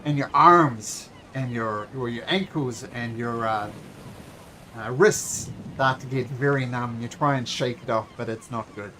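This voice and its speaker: A man's voice: mid-range voice, pushed and bright, slight background noise. Man narrating as game master. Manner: descriptive, halting with fillers and restarts.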